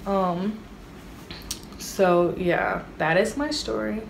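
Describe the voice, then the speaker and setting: A woman's voice: mid-range voice, very slow, vocal fry, background noise. A young woman, chatting animatedly and straight to her viewers in a casual storytime vlog. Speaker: vlogger.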